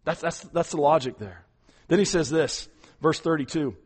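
A man preaching a sermon, emphatic, often repeating words and swinging between loud and soft. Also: fairly high pitch, animated, normal speed, husky. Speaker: pastor.

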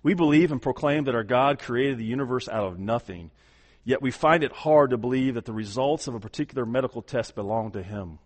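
A man preaching a sermon with a folksy, conversational manner and rhetorical questions, swinging from quiet asides to loud, drawn-out proclaiming. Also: medium pitch. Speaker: pastor. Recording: long hall reverb.

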